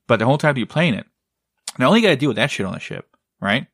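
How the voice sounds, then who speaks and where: A man's voice: medium pitch, lively intonation, quick pace, fairly bright tone, slightly rough, no room sound, studio quality. A man chatting casually as a podcast co-host, rambling, leaning on "like" and "right?", and swearing now and then. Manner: rambling, heavy use of "like" and "right?". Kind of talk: casual chat.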